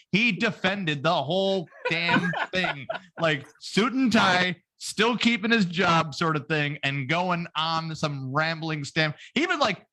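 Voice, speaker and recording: Man, podcast co-host, joking, rambling, bright voice, lively swoops in pitch. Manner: joking, does mocking voices, rambling with fillers. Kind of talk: casual comedic chat.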